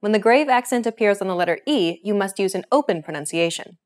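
A woman's voice: mid-range voice, animated, fast talker. Upbeat woman hosting a language lesson. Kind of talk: scripted lesson narration.

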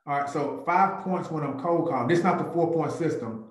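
A man with a fairly high voice talks about his work as a guest on a video call. He tells his stories with energy and often slips into acted-out bits of chat. The sound is roomy and echoey. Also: a little fast. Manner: animated, jumps into a higher voice to act out chats. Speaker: real estate agent, guest speaker. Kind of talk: lively talk with acted-out dialogues.

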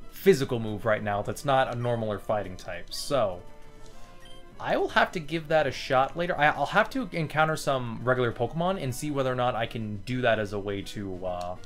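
A man's voice: medium pitch, lively intonation, fairly quick, fairly bright tone, faint music behind. Chatty, profane man playing a game. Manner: chatty, profane, easily amused. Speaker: let's play host. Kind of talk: casual gameplay commentary.

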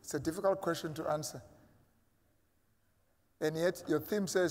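A man's voice: on the high side, steady tone, moderate pace, a little mellow, in a large hall, a little hiss or hum. A man preaching a sermon as a pastor, emphatic and acting out imagined voices of his listeners. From South Africa.

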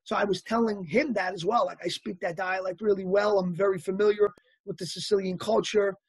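Male interview guest, husky and lively, telling anecdotes in a dry, close recording. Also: high-pitched, brisk, no room sound. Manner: animated anecdotal storyteller, acts out quotes. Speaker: actor guest. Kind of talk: casual storytelling interview.

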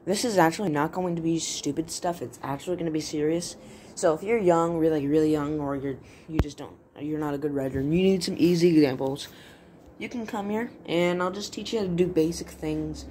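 A woman with a low voice explains basic writing in a loose, casual video lesson. She rambles playfully and keeps stopping to correct herself mid-word, with a faint noise behind her. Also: a little fast, warm tone. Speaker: writing tutorial host.

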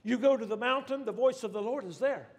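A pastor preaches with fervor, circling back on his phrases and restarting lines. His voice sits unusually high for a man. It rings out with a long reverb, as if recorded in a church sanctuary. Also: fairly quick. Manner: fervent, repetitive preaching with restarts. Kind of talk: sermon.

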